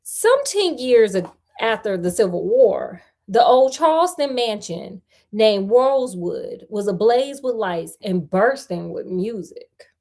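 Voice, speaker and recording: Woman storyteller reading aloud, high voice, unhurried, playful asides. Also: darkish tone. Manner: chatty, with playful slangy asides.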